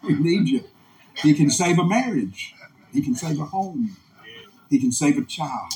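A man's voice: fairly high pitch, sing-song, unhurried, a little mellow. A man preaching a revival sermon in a church, impassioned, with a rising and falling preaching cadence. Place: church meeting room. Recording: echoey room.

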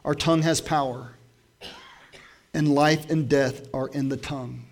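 Male pastor, sermon delivery, slightly raised pitch with a gravelly edge, talks casually and reads scripture emphatically. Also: fairly even intonation, unhurried. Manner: conversational preaching, rising to emphatic scripture reading.

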